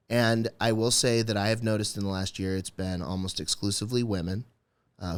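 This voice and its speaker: A man's voice: fairly low pitch, fairly bright tone, smooth. Profane comedian man, loose casual talk. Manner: loose and profane, heavy use of "like". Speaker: stand-up comedian, guest. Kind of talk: casual podcast chat.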